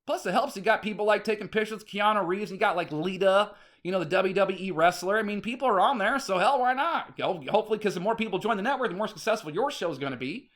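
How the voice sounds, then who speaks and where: Male vlogger, high-ish voice, agitated rambling rant, salty language. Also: lively intonation, quick pace, hardly any pauses, fairly bright tone. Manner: agitated, rambling, swears often. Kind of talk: casual ranting monologue.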